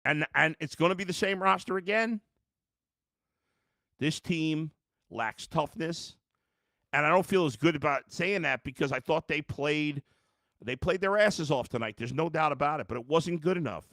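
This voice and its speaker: A man's voice: a little high, moderate pace, a bit bright, no room sound, studio quality. A man hosting a live sports podcast, worn out and frustrated, talking bluntly with some swearing while reading fan comments. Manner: exasperated, blunt, profane, reads fan comments aloud. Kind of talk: live-streamed sports reaction.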